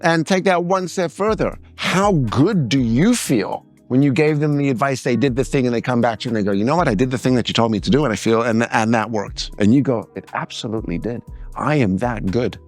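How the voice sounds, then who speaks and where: A middle-aged man speaks at a seminar in a medium, ordinary pitch. He is an animated storyteller who slips into other people's voices mid-anecdote. Faint music sits behind him. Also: fairly quick, hardly any pauses. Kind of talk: seminar talk with acted-out anecdotes.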